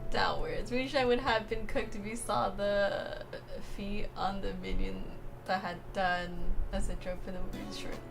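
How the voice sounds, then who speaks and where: A young woman streamer reading chat aloud in a casual, playful way, laughing often and exclaiming loudly when excited. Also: mid-range voice, moderate pace, creaky. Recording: music playing behind.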